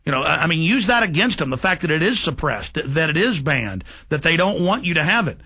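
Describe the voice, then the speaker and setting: Radio host guy, loud and pushy, kinda high voice, fired up the whole time. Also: sing-song, breathy edge. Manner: forceful, indignant, fast and emphatic. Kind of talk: talk radio monologue.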